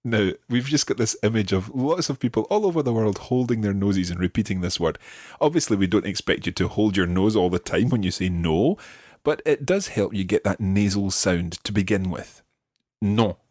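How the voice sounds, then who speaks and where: A man guides listeners through a beginner language lesson, speaking patiently and clearly. His lowish voice moves lively through its range, with a slightly husky edge on a dry, close studio mic. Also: moderate pace, no echo. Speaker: language teacher.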